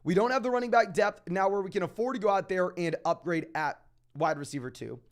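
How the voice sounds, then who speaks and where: Young male host, high-pitched, quick and emphatic, reads viewer questions and gives casual advice. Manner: fast, emphatic, calls listeners "my man". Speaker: fantasy football podcast host.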